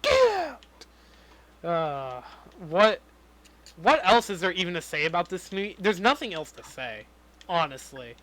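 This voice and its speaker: High bright ranting young man. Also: expressive, moderate pace. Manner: profane, ranting movie criticism. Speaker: podcast co-host. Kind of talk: casual chat.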